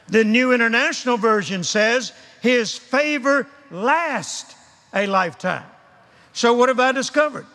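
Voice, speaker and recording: Older male preacher, drawn-out emphatic delivery, bright tone, large convention hall. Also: extremely high pitch. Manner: emphatic, repetitive, leads crowd call-and-response. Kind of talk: sermon. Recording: long hall reverb.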